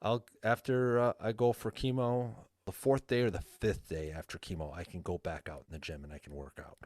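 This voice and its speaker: Male guest coach, earnest and plain-spoken, deep voice, dry close sound. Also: level tone, a little fast, a little mellow, no room sound. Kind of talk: casual podcast interview.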